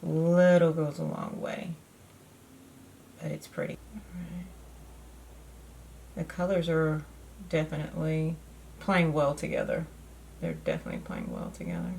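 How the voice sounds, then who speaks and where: A woman's voice: low-pitched, unhurried, gravelly, long pauses, darkish tone, slight background noise. A woman chatting in a rambling, easygoing way with many fillers while she walks through a makeup tutorial at home. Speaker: beauty vlogger. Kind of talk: casual makeup tutorial chat.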